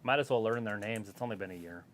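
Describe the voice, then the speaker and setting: A man's voice: lowish voice, quick pace, a little hiss or hum. A man co-hosting a wrestling watch-along, giving laid-back, dry, wisecracking commentary. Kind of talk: casual wrestling commentary and chat.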